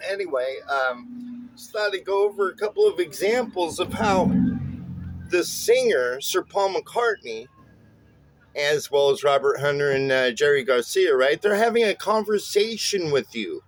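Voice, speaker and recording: A man's voice: on the high side, expressive, measured pace, a little hiss or hum. A man teaching songwriting in a casual spoken lesson, explaining loosely with many "uh"s and "right?"s. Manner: loose explaining with many fillers and tag questions.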